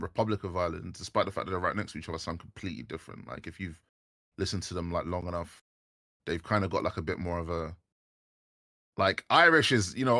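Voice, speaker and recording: A man's voice: sits low, sharp tone, no echo, clean studio sound. A man with a London accent chatting casually on a livestream, rambling with lots of fillers and restarts. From England.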